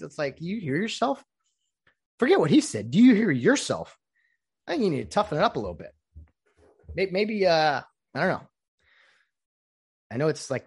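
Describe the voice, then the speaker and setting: A man hosting a casual solo podcast. He is opinionated and rambling, with mocking asides. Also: medium pitch. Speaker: podcast host.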